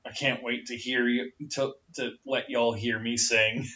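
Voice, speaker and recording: A man's voice: medium pitch, level tone, unhurried, sharp tone, muffled recording. Joking, swearing man in his thirties. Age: 30s. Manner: joking, swears freely, trips over words. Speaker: game master and podcast co-host. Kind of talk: casual podcast chat.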